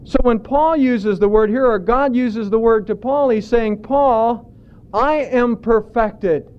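A man preaching a sermon in a deliberate way, drawing out emphatic words. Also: very high-pitched, smooth, highs cut off. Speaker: pastor.

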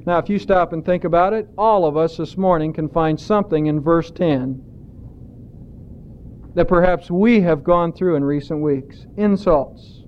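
A man preaching a sermon in a deliberate way, drawing out emphatic words. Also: sits high, clear, resonant tone, highs cut off. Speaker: pastor.

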